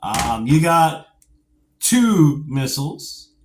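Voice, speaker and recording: A man's voice: on the high side, drawn-out words, slight background noise. Middle-aged geeky guy reviewing old toys, voice jumps all over, rambly and goofy. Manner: animated and rambling, with playful asides; nostalgic, geeky enthusiasm. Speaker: toy collector reviewing action figures. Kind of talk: casual video review.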